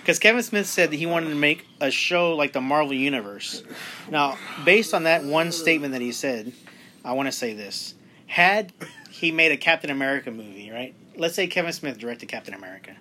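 Animated man hosting a podcast. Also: on the high side, brisk, a little hiss or hum. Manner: animated, acts out quotes with emphasis. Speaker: podcast host. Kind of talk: casual podcast discussion.

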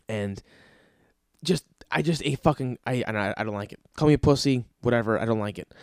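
A man's voice: mid-range voice, a little mellow, no room sound. A man telling a stand-up story, cursing a lot and working himself up into exasperated rants. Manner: profane, ranting, exasperated outbursts. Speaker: comedian.

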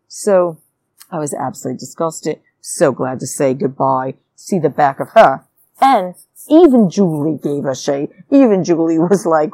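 A woman's voice: fairly low pitch, lively intonation, unhurried, mellow, dry recording. Scornful woman ranting about reality TV. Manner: blunt, scornful, indignant ranting. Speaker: podcast host. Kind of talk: opinionated reality TV commentary.

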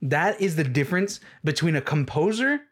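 Upbeat male video creator reacting to music; higher voice, frequent laughter, emphatic repeats. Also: moderate pace, husky. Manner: excitable, laughs often, repeats phrases for emphasis.

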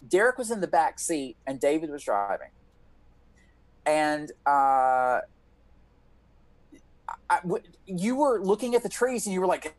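Animated storytelling man, dry sound. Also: fairly high pitch, unhurried, long pauses, no echo, low-quality recording. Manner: animated, profane, acts out quotes. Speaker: podcast co-host. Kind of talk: casual storytelling.

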